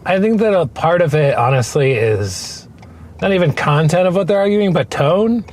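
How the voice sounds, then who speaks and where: A man who does stand-up comedy, talking casually as a guest, with a wry, halting delivery and dry jokes. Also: a little high, animated, a little mellow, slight background noise. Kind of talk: casual chat. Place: outdoors on a walk.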